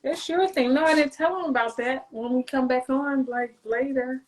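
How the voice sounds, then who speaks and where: A woman with a high-pitched voice hosts a casual livestream at a moderate pace, captured in a low-quality recording. She rambles loosely, joking and swearing plenty.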